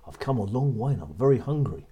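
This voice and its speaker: A man's voice: medium pitch, lively intonation, fast talker, warm tone, natural voice. A man voicing a bold, cheeky boy in a children's story, talking cheerily and politely. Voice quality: husky. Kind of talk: storybook reading.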